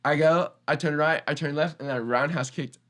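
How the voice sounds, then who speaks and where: A man's voice: fairly high pitch, moderate pace. Young man telling a wild story. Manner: animated, acts out quoted lines loudly. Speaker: podcast guest, skateboarder. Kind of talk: casual storytelling.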